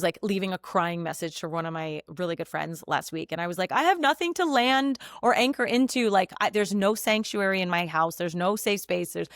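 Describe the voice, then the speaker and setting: A woman's voice: lowish voice, fairly bright tone, no echo, studio quality. A woman in her thirties hosting a podcast from home, talking in a chatty, heartfelt way with lots of "like". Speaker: podcast host and coach. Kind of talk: casual personal monologue. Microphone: desk mic.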